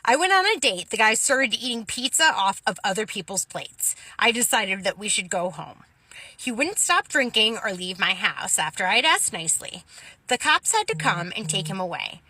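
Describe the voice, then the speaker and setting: A woman telling a personal anecdote casually to camera with a wry, animated delivery. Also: medium pitch, moderate pace, no echo.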